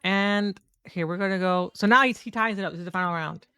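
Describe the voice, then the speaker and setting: A woman giving excitable, profane commentary over footage of her own fighting game matches and talking straight to viewers. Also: mid-range voice, fast talker, clear, resonant tone, dry recording. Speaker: competitive fighting game player. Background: faint background music.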